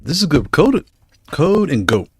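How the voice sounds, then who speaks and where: A man giving excited live commentary on a fighting game he is playing, taunting his opponent and laughing. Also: a little high, measured pace, slightly rough, no room sound. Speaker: gaming streamer. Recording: music playing behind.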